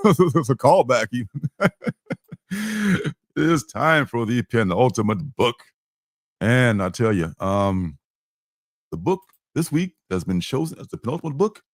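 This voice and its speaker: Gravelly, animated male comic book host. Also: lowish voice, no room sound, studio quality. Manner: joking, rambling, chuckles often. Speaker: livestream host. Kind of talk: casual comic book chat.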